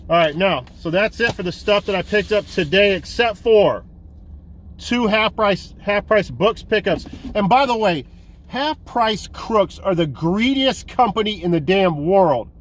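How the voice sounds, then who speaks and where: A man hosting a casual collecting vlog, excited and rambling, swearing now and then. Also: high-pitched, measured pace. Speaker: host of a physical media collecting vlog.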